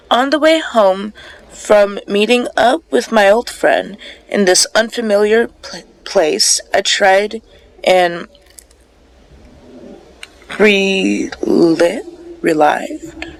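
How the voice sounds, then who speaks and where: A woman's voice: mid-range voice, creaky, rough recording. A woman reading a story game aloud in a sleepy way, stumbling over words, correcting herself and breaking off for casual asides.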